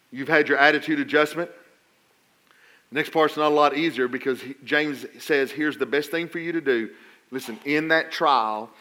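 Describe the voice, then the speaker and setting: This middle-aged male pastor speaks in a mid-range voice. His sermon opens with a personal anecdote full of halting restarts and grows into forceful, loud exhortations.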